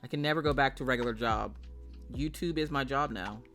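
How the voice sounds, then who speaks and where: Bright, brash woman streamer. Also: a bass voice, fairly quick, faint music behind. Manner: brash, profane, jokey storyteller who bursts into loud mock rants. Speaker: streamer chatting with viewers while painting. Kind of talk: casual live-stream chat.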